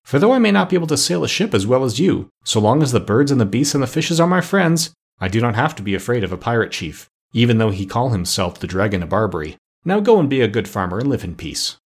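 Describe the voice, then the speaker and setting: A man's voice: mid-range voice, very animated, fast talker, breathy edge. A man voicing a kind but firm animal doctor who lectures politely and sternly.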